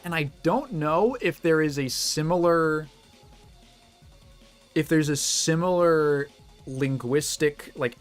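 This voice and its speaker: A man with a Midwestern accent chatting casually as a streamer, rambling, restarting sentences and laughing often. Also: medium pitch. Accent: Midwestern American. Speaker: streamer reacting to a video. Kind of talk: casual chat.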